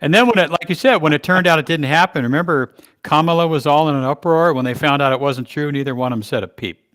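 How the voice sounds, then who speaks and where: A man's voice: fairly high pitch, fast talker, a bit bright. A man co-hosting a casual talk show over a video call, joking and teasing in a sarcastic way. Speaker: co-host.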